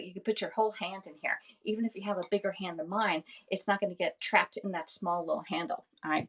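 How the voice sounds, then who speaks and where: A woman with a slightly low voice runs a casual live cooking stream in her home kitchen, talking into a phone camera. She chats along and thanks viewers by name, and she keeps checking in with "all right?" at the ends of her lines. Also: fairly bright tone.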